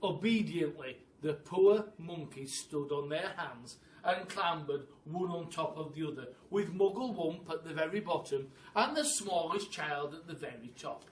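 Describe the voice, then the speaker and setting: Expressive man reading a storybook. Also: on the high side, a little hiss or hum. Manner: expressive, unhurried. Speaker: primary school teacher. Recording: echoey room, mic at a distance.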